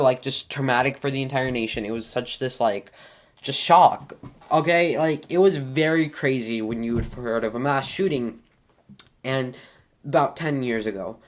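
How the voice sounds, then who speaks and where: A young man hosting a casual solo podcast, rambling with lots of fillers and tripping over hard names. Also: mid-range voice. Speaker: podcast host.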